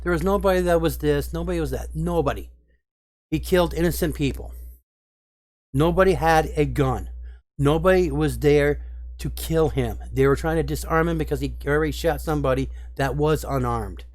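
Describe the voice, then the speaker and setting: A man speaks straight to his viewers in casual commentary, earnest and plainly upset as he presses each point. His voice sits a little high. The sound is dry and close, with no room around it. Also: normal speed, darkish tone, no room sound. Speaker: video commentator.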